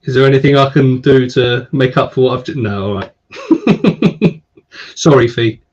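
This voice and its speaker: A man hosts a casual live stream at a medium pitch and chats easily, reading out viewer names with shout-outs. The stream audio sounds a little dull. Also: lively intonation, measured pace.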